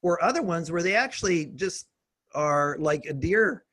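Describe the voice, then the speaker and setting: A man's voice: on the high side, animated, normal speed, a bit bright. A middle-aged man as a guest author in a podcast interview, explaining his ideas steadily and posing rhetorical questions. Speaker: guest author and leadership coach. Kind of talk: conversational interview.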